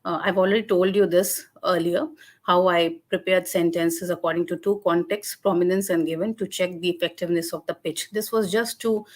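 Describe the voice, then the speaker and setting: A woman giving an academic webinar lecture over a video call, explaining slowly and often hesitating with fillers and restarts. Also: lowish voice, fairly even intonation, a little mellow.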